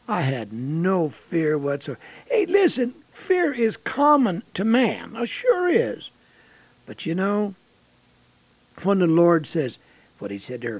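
Older man, preacher, husky voice, lively pitch, folksy sermon, dull lo-fi recording. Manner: folksy, exclamatory, swings from loud to hushed. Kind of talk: expository sermon. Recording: dull lo-fi sound.

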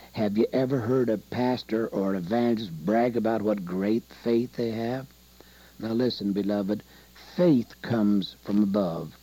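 A man preaching a sermon, emphatic and exhorting, with rising loud passages. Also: mid-range voice, no echo. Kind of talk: radio sermon. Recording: dull lo-fi sound.

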